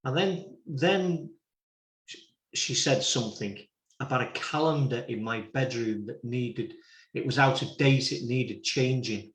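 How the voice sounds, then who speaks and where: Liverpool host and reverend, mid-pitched man, easygoing anecdotes, recorded in a roomy echo. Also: measured pace. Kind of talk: casual chat.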